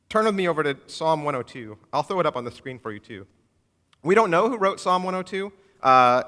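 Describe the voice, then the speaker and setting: A man's voice: on the high side, a bit bright. A man preaching a sermon as pastor in a church, conversational and humorous, acting out little everyday exchanges. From moved to Texas from elsewhere. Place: church sanctuary. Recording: long church hall reverb.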